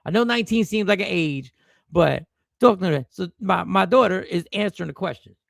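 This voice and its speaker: Here a comedian and stream host, a man, loosely recounts a personal story to his viewers, full of slang and restarts. His high voice moves fairly quickly with some vocal fry, and the studio-quality audio has no room sound.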